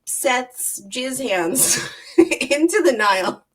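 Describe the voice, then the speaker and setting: A woman's voice: high voice, expressive, drawn-out words, recorded from a distance. A woman hosting a podcast, retelling myths in a rambling, profane, laugh-filled casual style. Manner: profane, rambling, laughs often, heavy use of 'like'. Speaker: podcast host. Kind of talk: casual comedic storytelling.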